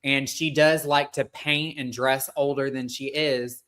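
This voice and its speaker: Bright-voiced, emphatic podcast co-host man. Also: mid-range voice, flat delivery, a little slow, a little hiss or hum. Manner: emphatic, opinionated. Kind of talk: casual recap chat.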